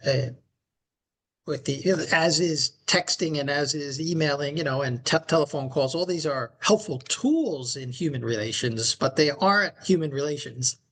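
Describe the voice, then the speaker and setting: A man co-hosting a podcast and working as a leadership coach, talking in a reflective, measured way. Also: fairly high pitch, a bit bright. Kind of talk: casual podcast conversation.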